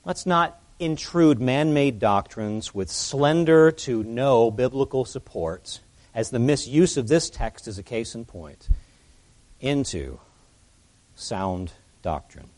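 A man's voice: medium pitch, lively intonation, slow pace, darkish tone. A man preaching an expository sermon as pastor, earnest and emphatic, his voice rising and falling as he presses his points.

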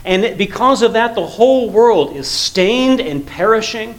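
A male pastor preaching an earnest sermon, rising to emphatic lines and dropping to quiet, low passages. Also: lively intonation, measured pace, poor audio. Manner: earnest preaching, swells loud then drops to quiet low tones.

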